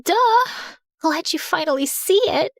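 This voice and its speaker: A young woman narrates a first-person animated drama in a high voice that swoops all over. Her delivery is sassy, sarcastic and dramatic, recorded dry and close to the mic. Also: unhurried, no echo. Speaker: narrator and heroine.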